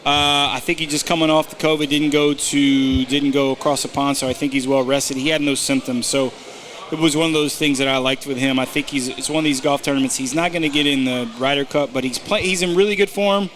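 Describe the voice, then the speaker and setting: A man's voice: fairly high pitch, steady tone, brisk, fairly bright tone, slight background noise. Rambling man talking golf bets. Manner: rambling, with many fillers and restarts. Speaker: podcast co-host giving betting tips. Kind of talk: casual chat.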